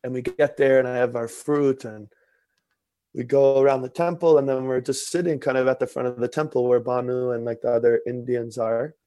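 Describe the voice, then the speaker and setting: A man's voice: medium pitch, level tone, a little fast, mellow, no room sound. A man who is a podcast guest tells a personal story in a casual, conversational way, candid and self-mocking, and acts out what other people said.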